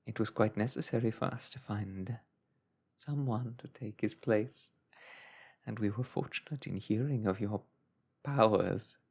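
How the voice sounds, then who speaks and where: A man voicing a sinister older man who threatens slowly and quietly, in a whispered role-play of a storybook villain. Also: fairly low pitch, gravelly, husky, full character voice. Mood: quietly menacing. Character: sinister older man, softly menacing, giggling.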